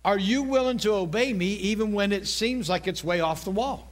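High-voiced storytelling male preacher. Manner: storytelling preacher, animated, repeats phrases, quick asides. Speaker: pastor. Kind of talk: sermon.

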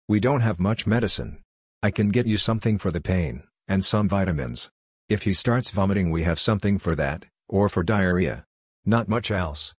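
A blunt, matter-of-fact shopkeeper with a low, husky voice, put on by an audiobook narrator. He lists things plainly. The sound is dry and close. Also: normal speed, no room sound.

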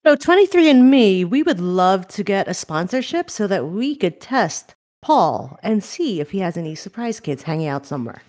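A woman's voice: medium pitch, sing-song, normal speed, few pauses, a little mellow. A woman in her thirties co-hosting a podcast, candid and teasing, laughing often. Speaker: podcast co-host. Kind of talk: casual chat.

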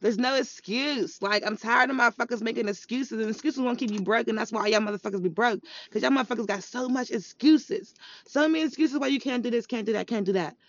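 A woman's voice: fairly high pitch, quick pace, no echo. Woman for a profane scolding vlog rant, emphatic and repetitive, muffled lo-fi recording. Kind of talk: ranting monologue vlog. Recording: dull lo-fi recording.

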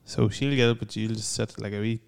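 A man's voice: on the low side, level tone, brisk, creaky, clear, resonant tone. A young man, co-hosting a casual chat in a blunt, teasing and sweary way. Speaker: podcast co-host. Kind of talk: casual banter.

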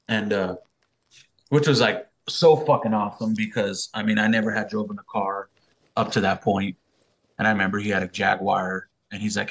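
Man, young adult, lowish voice, casual, swears a lot, animated quoting. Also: brisk. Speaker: podcast guest. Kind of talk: casual storytelling.

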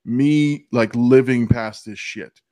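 Halting man in a casual movie chat. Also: mid-range voice, a little mellow, dry recording. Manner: halting, restarts often, swears. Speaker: podcast co-host.

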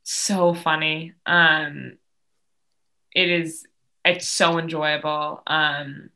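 Bright, lively young woman guest. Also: low voice, very slow. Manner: enthusiastic, laughing, filler-heavy. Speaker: podcast guest. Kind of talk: casual chat.

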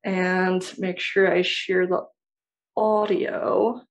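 A woman's voice: on the low side, flat delivery, extremely slow, roomy sound, recorded from a distance. A woman co-hosting a casual chat, playful and self-deprecating, often laughing as she talks. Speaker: podcast co-host.

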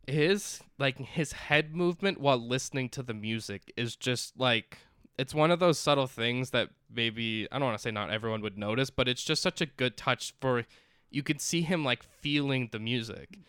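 A man's voice: medium pitch, normal speed, fairly bright tone, clean tone, dry recording, studio quality. A young man casually recapping a film as a podcast co-host, rambling with lots of fillers and restarts. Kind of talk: casual chat recapping a movie.

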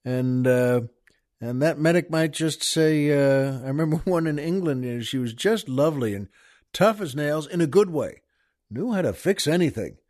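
An older man hosts his own show in a loose, wandering monologue, stopping for fillers and soft laughs. His voice sits a little high for a man, and his manner is chatty and folksy. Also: animated, normal speed. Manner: folksy, chuckling, meandering with many fillers and restarts. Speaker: podcast host. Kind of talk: casual rambling monologue.

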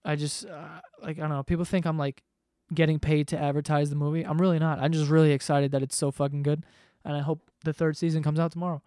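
A man's voice: a little high, flat delivery, fast, few pauses, dark tone, dry recording, studio quality. A man in his twenties ranting casually to camera at home, profane and rambling. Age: 20s. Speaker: vlogger. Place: home room below living room.

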